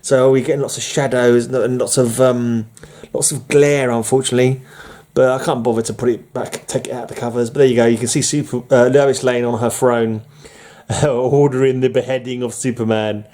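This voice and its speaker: Male comic collector vlogging from home; mellow, rambling, chatty. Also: mid-range voice, flat delivery, a little fast. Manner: rambling, chuckling, many fillers. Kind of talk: casual chat showing comics. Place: room at home under fluorescent light.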